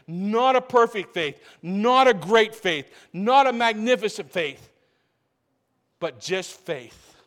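A man preaching a sermon, swinging between booming emphasis and hushed asides and repeating phrases to drive points home. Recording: long reverb of a large hall.

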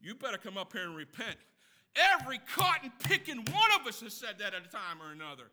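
Very high, sharp-voiced male preacher. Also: lively intonation, brisk. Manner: swings between loud emphatic points and hushed, low asides; counts off numbered points and asks the congregation questions. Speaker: pastor. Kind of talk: sermon.

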